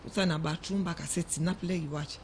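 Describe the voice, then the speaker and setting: A woman's voice: fairly low pitch, fast talker, slight background noise. A woman with a Sierra Leonean Krio accent, a mother telling her story as a guest on a radio program and acting out what others said. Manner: animated storytelling, acts out quoted dialogue. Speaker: mother of a young girl, guest. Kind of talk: emotional first-person account on radio. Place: radio studio.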